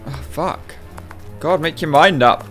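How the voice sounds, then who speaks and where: A gamer commentating over his playthrough in a voice of ordinary pitch. He is exasperated and sarcastic and swears often, with faint game music behind him. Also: a little slow. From United Kingdom. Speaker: let's play gamer. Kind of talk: gameplay commentary.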